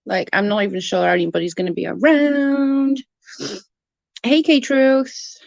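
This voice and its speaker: A woman hosting a casual live stream, chatting with viewers and reading their messages, blunt and quick to swear when annoyed. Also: high-pitched, little pitch movement, vocal fry, a little mellow, no room sound, dull audio. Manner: chatty, reads and answers chat messages. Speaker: livestream host.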